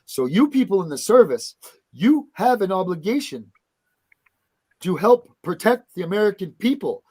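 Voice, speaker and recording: Man, angry profane rant, pitch swings widely, talk-show guest. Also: sing-song, moderate pace, a little mellow, husky. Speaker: guest, parent.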